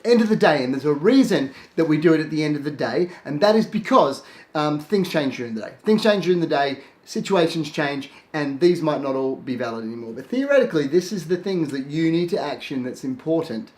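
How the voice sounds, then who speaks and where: A man teaching a productivity tip in a casual, lively way, acting out his own thoughts in quick asides. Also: a little high. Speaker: productivity coach. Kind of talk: casual instructional talk to camera. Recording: echoey room.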